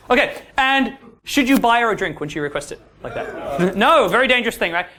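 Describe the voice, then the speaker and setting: Against slight background noise, a high-voiced man speaking at a moderate pace coaches a class of men on dating in a seminar. He animatedly plays out quoted dialogue and checks in often with "yeah?"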